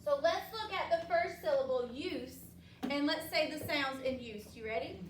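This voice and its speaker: In a phonics lesson, a woman teacher with a high-pitched voice stays upbeat and patient, drawing words out slowly for the kids. The recording puts her at a distance from the mic in a classroom full of echo, with a faint hiss underneath.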